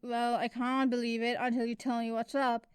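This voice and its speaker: A woman's voice: on the high side, flat delivery, normal speed, smooth, no echo, lightly acted. Weary male veteran assassin, read by a woman: grim, impatient, tired.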